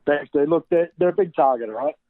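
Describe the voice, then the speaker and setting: A man's voice: a little high, fast, dry recording. An Australian man, a podcast guest, talking easily over a call, with loose fillers and laughs. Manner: easygoing, laughs along, hesitant fillers. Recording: dry tinny phone line.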